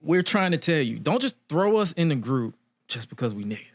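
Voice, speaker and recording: A man's voice: on the high side, big pitch swings, fairly quick. Young man telling stories on a podcast. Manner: loose, storytelling with quoted asides and frequent laughs. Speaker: podcast host. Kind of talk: casual chat.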